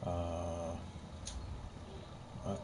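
A young man talks through a gaming session on a headset, cursing and cracking jokes with his friends. His voice sits somewhat low. Game sounds come through clearly behind him. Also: monotone, drawn-out words. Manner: sweary, joking, sighs often. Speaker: gamer playing with friends online. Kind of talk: casual gameplay chat. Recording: noisy game capture.

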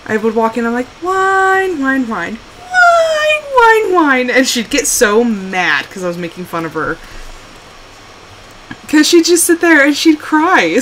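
A woman's voice: on the high side, a bit bright, a little hiss or hum, poor audio. A woman streaming a survival game live, chatting casually and exclaiming, scolding her game character as she plays. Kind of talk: casual live gameplay commentary.

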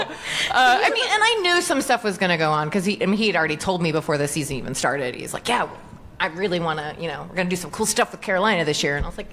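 A woman voice actor, a guest on a convention panel, telling stories in a lively way with plenty of laughter. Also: on the low side, fast. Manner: laughs often, animated storytelling. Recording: stream of a live panel, background noise.

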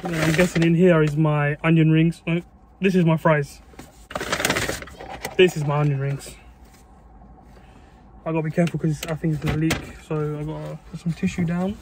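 A young man with a slightly high voice talks eagerly to camera about his food. He is chatty and excitable, with mild swearing. Steady background noise and car sounds run under the recording. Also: moderate pace, long pauses. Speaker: food vlogger. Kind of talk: casual food review vlog.

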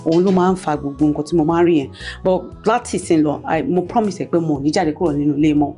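A woman's voice: low voice, racing, dark tone, soft background music, lightly acted. An actress playing a hot-tempered young wife who pleads with her husband and apologises over and over in a film drama. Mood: pleading. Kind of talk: Nollywood film acting.

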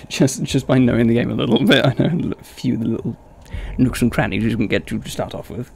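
A man's voice: medium pitch, a little fast, creaky, hardly any pauses, a little mellow, breathy edge. A young adult man streaming a game live, chatting playfully with his viewers and laughing often. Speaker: gaming streamer. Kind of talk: casual live-stream commentary.

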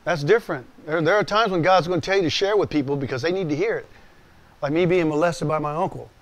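A man in his sixties, a pastor telling a personal testimony in an animated way, dropping to hushed asides and rising to loud bursts. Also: on the high side, fast talker. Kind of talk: storytelling testimony.

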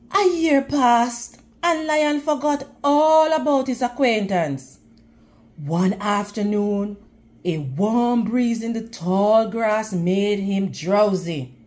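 Slow high-voiced woman reading to kids. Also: a little mellow. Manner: slow, clear, encouraging questions to children. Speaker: children's read-aloud narrator. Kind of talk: storybook read-aloud for children.

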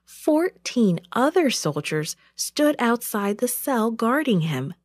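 A woman narrating a Bible story for a children's church program in an expressive, deliberate way. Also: on the high side, dry recording.

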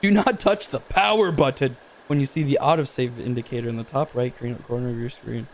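Excitable young man streaming a game. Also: fairly quick, background noise. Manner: excitable, jumps to high exclamations, reads game text aloud. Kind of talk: live game stream commentary.

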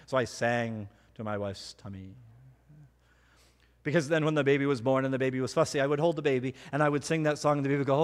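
A middle-aged man preaching a sermon, telling personal stories with animated, self-mocking humor. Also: mid-range voice, fast. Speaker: pastor. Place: church hall. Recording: hall reverb.

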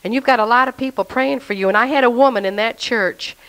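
A woman's voice: on the high side, quick pace, fairly bright tone, poor audio. A woman telling her personal faith testimony in an earnest, emotional way, speaking straight to the listener.

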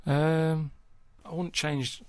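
A man, rambling through stories in a deadpan way during a casual podcast chat. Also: on the high side, very slow, clean tone, dry recording, clean studio sound. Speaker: podcast regular.

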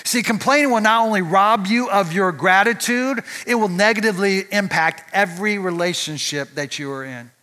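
A man's voice: high voice, moderate pace, few pauses, sharp tone. A male pastor giving a conversational sermon at church, often asking the audience rhetorical questions.

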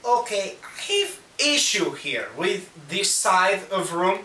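A blustering Russian tough guy with a thick mock accent and broken grammar, as a young man puts him on, lecturing the room in a bright, bouncing voice. He is recorded from across an echoey room, with faint noise underneath. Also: high voice, very animated, takes it slowly, recorded from a distance, heavily acted. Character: blustering Russian immigrant man, crude and bossy. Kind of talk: amateur comedy skit.

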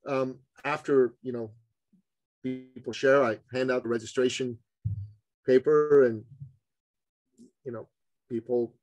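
A man telling a story as a podcast guest, animated and addressing the host as brother. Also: mid-range voice, no echo, rough recording.

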